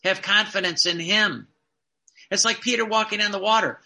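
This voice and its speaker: A man preaching a sermon in an earnest, emphatic way, slowing down to stress key phrases. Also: sits high, steady tone, vocal fry, pushed and bright.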